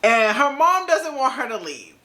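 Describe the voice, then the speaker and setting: A woman's voice: high-pitched, sing-song, normal speed, sharp tone. A woman hosting a reaction video, talking casually in slang, laughing often and speaking straight to the person in the clip.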